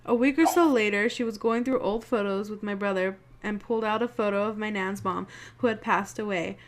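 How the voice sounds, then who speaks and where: A woman's voice: medium pitch, fairly even intonation, a little fast. A young woman hosting her channel, chatting casually and telling spooky stories, swearing freely and acting out what people said. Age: young adult. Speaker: channel host.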